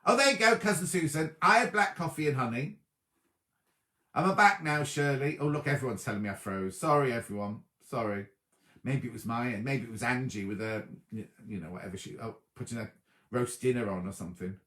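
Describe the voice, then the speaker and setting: A man's voice: mid-range voice, a little fast, reverberant. A man hosting a sewing livestream from home, chatting casually and reading out viewer comments. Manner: chatty, lively, reacts to live comments. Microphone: laptop or tablet on a video stream.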